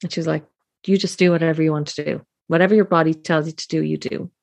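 Low-voiced woman telling a birth story. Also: fairly even intonation, fast, gravelly, darkish tone. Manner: chatty, emotional, many fillers and restarts. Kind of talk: casual personal storytelling.

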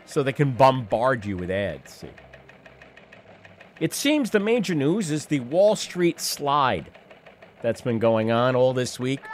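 A man in his late fifties hosts a radio call-in show with a mid-pitched voice. He talks in a wry, meandering way and drops profane asides. Faint music sits underneath. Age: 50s. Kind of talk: rambling talk radio monologue.

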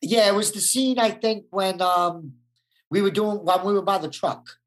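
A man's voice: high-pitched, moderate pace. A man talks as a guest in a casual interview. He tells his stories in a laid-back, easygoing way, often using "like.". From New York. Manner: laid-back storyteller, uses "like" a lot. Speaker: guest, actor.

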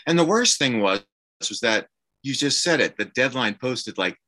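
A man, an actor, telling a candid personal story in conversation, halting and emotional with many fillers and restarts. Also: mid-range voice, lively intonation, bright, forceful tone. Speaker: actor guest.

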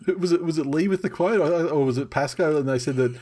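A man's voice: fairly high pitch, fast talker, warm tone. A middle-aged man co-hosting a podcast, chatting casually in a rambling, self-interrupting way, swearing freely and laughing often. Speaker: podcast co-host.

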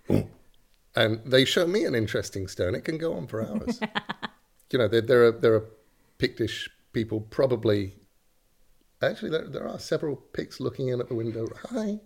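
A middle-aged man chatting as a comedic guest, rambling with dry asides and quiet chuckles. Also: lowish voice, gravelly, slightly rough. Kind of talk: improvised comedy chat.

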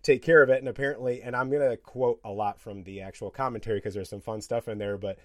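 A man's voice: mid-range voice, fast, no echo. Man recounting film scenes, dry close sound. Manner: animated storytelling, laughing between points. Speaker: podcast co-host. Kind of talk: casual film discussion.

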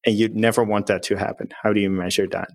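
A man's voice: lowish voice, flat delivery, quick pace, creaky, a little mellow, no room sound. A man, a company executive, explaining his firm's ways of working in an upbeat, plain-spoken way as an interview guest.

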